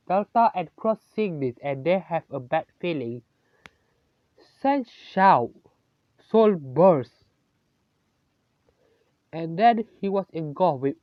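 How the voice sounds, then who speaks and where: A narrator improvising a fan story aloud in a halting way, often stopping to correct themselves mid-sentence. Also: medium pitch, no echo, lo-fi sound.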